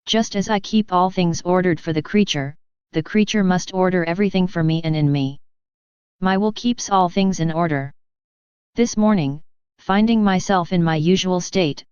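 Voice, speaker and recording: A woman giving a measured, even devotional reading. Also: on the low side, clean tone, no echo. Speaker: reader. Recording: slightly dull lo-fi recording.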